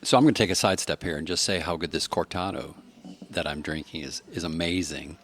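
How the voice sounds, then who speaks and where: A man's voice: sits low, fairly quick, a bit bright. A man hosting a casual podcast interview, friendly and encouraging, dropping joking asides. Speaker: podcast host.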